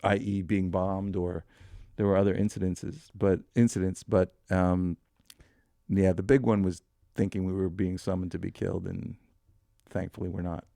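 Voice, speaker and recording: A man in his fifties, a podcast guest, telling casual anecdotes with lively, salty delivery and acted-out dialogue. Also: deep voice, moderate pace, gravelly, no room sound, studio quality. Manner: lively anecdotes, acts out quoted dialogue, swears freely. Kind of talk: casual storytelling.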